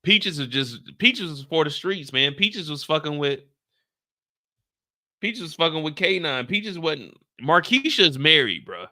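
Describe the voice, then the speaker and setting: A man hosting a live stream, recapping a TV episode in casual chat, animated and slangy and talking straight to his viewers. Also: on the high side, a little slow, no echo, studio quality. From United States. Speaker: show host recapping a TV episode.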